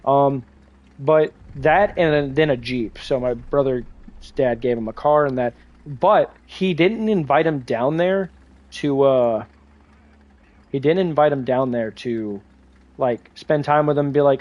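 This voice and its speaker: A young man chats his way through a livestream, wandering from one story to the next with easy, offhand swearing. His voice sits a little higher than most men's, and the mic sounds close and dry with no room echo. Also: moderate pace, darkish tone, muffled recording. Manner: rambling storyteller, swears casually. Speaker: streamer. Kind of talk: casual livestream chat while gaming.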